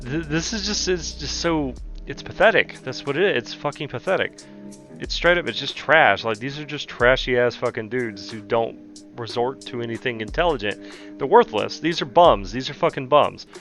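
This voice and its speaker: Young adult male, mid-pitched, heated profane rant host, faint music bed. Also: moderate pace, a bit bright. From Southern United States. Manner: heated, exasperated, heavy swearing. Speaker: commentary channel host.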